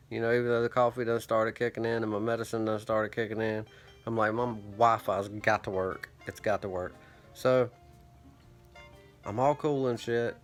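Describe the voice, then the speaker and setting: A man rambling through a profane, self-mocking story in a casual monologue, his throat parched. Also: medium pitch. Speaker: vlogger.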